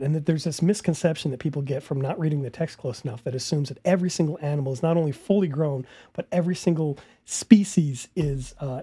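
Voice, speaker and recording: A man's voice: fairly high pitch, warm tone, breathy edge, no room sound. A man commenting casually on a video he is watching, interrupting it with incredulous, laughing rebuttals.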